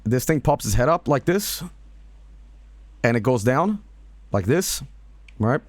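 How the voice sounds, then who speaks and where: A man streaming, casually reacting to videos with lively laughs and swearing. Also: medium pitch, slow, no echo.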